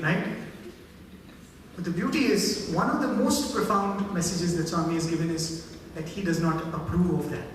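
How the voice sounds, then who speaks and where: A man's voice: fairly high pitch, recorded from a distance, a little hiss or hum. Man giving a spiritual talk, echoey hall. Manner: storytelling, voicing characters in quotes, frequent "right?".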